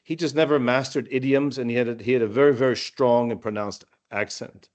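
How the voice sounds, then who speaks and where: A man's voice: mid-range voice, steady tone, a little fast. A man, a former student, telling rambling anecdotes with lots of restarts over a video call. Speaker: former student sharing memories. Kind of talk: casual storytelling.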